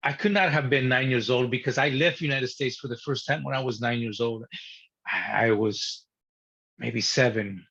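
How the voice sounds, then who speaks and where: Animated man telling a story, husky. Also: mid-range voice, moderate pace. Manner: animated, swearing, acting out his younger self. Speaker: guest. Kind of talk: personal storytelling. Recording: dull lo-fi sound.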